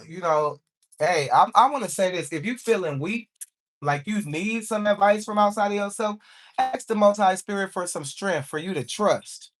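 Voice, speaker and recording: Live intuitive card reader, chatty and encouraging, tags "okay?" after each point. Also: medium pitch. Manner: encouraging, repeats "okay?" often; informal speech, calls on angels.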